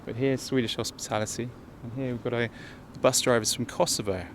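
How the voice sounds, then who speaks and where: An English man talks casually to camera while travelling through a town. He rambles in a chatty way at an ordinary pitch. Faint street and traffic noise runs behind him. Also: fairly even intonation, brisk. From England. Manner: chatty and rambling, speaks to the viewers directly. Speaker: travel vlogger. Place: outdoors in a town and on a bus.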